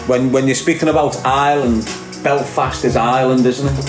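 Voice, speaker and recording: A man's voice: mid-range voice, steady tone, normal speed. A man with a Liverpool accent hosting a casual livestream, rambling and emphatic, talking straight to his listeners. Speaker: podcast host. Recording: echoey room with music playing behind.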